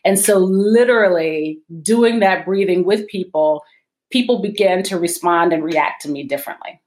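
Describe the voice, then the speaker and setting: A woman guest in a podcast interview, telling her story in a measured, self-reflective way and laughing at herself. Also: on the low side, darkish tone.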